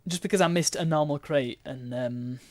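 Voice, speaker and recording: A man's voice: a little high, normal speed, darkish tone, dry recording. A man giving chatty, self-mocking commentary while streaming a game.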